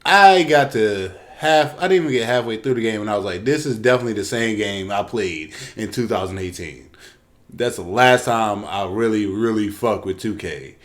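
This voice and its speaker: A man's voice: on the low side, lively intonation, normal speed, a bit bright. A young man co-hosting a casual podcast, ranting with lots of profanity and acting out what other people said. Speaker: podcast co-host.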